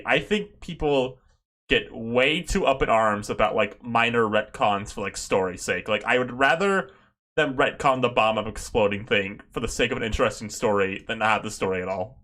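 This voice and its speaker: A man hosting a casual podcast chat, rambling and animated, swearing now and then. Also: medium pitch.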